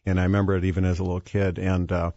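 A man's voice: low-pitched, completely flat delivery, racing, mellow, no room sound. A man guest talking about faith in a hesitant way, with many fillers and restarts. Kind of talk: faith-based conversation. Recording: dull, dry lo-fi sound.

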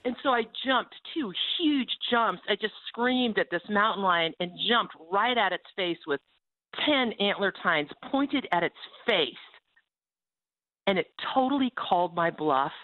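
A woman's voice: mid-range voice, animated, a little slow, no room sound. A woman guest telling a personal story and then preaching with fervor, heard over a phone line. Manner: fervent, preaching. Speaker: guest author. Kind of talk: testimony with a sermon-like call.

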